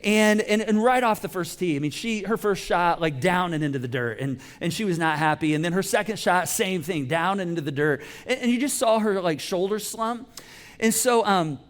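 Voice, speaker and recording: A man in his forties, a pastor giving a casual, story-driven sermon that sinks to soft, hushed tones at tender points. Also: sits high, expressive, moderate pace. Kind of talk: conversational sermon.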